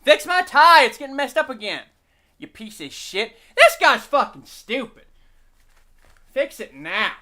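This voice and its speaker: Loud swearing stream guy, voice jumps all over, bright and sharp. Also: very high voice, measured pace. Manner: rambling, profane, animated, reads chat aloud. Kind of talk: casual live-stream chat.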